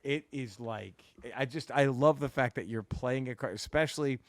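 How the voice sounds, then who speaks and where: A man's voice: medium pitch, normal speed, no room sound. A male podcast co-host in casual comedy chat, profane and rambling, breaking off and restarting his sentences. His mid-range voice sounds dry and close.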